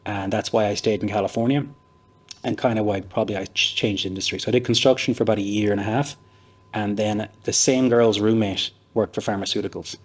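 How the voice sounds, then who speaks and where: A man's voice: on the low side, steady tone, fairly quick. An Irish man, a pub owner, telling his story in a chatty, rambling interview with lots of fillers. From Ireland.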